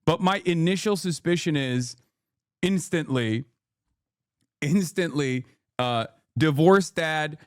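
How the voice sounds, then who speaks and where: A man hosting a live stream, reacting to news in an animated, mocking way with sudden incredulous outbursts. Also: fairly high pitch, takes it slowly, long pauses, no room sound, studio quality. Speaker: livestream host.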